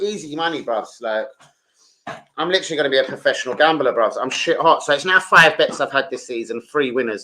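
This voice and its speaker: Older man, casual live stream banter, swears a lot, slightly high voice. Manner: chatty, swears freely, shouts out to viewers.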